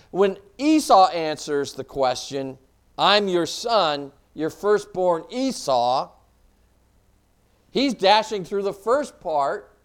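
A man with a high voice that swoops up and down preaches a Bible-teaching sermon. He asks questions and answers them himself, loose and chatty with plenty of casual asides. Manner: loose, chatty delivery with many "you know" asides.

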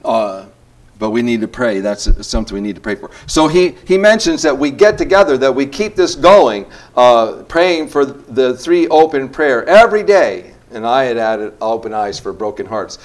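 A man's voice: mid-range voice, lively intonation, normal speed. An older man leading a church group session, talking in a casual, rambling way with restarts and self-deprecating asides.

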